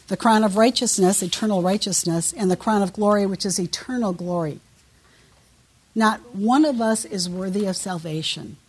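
A woman's voice: medium pitch, a little mellow, slightly rough. A woman preaching an earnest, emphatic sermon, quoting scripture verses.

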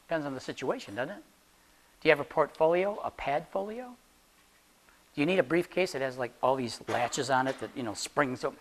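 A chatty instructor with a mid-range, expressive voice talks a little fast while walking a class through practical job-interview advice. The style is loose and conversational, full of questions tossed to the room and jokes the speaker laughs at.

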